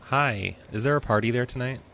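A man's voice: medium pitch, a little fast, creaky, pushed and bright. A man making prank phone calls with dry, straight-faced banter. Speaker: prank caller. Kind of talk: casual prank call banter.

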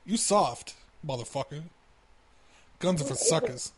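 A man's voice: a little high, lively intonation, measured pace, slightly rough. A man making a prank phone call, taunting and crude. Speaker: prank caller.

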